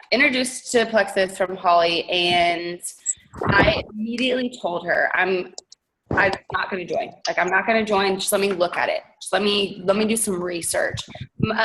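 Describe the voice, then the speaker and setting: A woman's voice: mid-range voice, slight background noise, low-quality recording. Chatty woman telling her story. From Texas. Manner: chatty, animated, laughs often. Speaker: guest. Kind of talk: casual storytelling on a call.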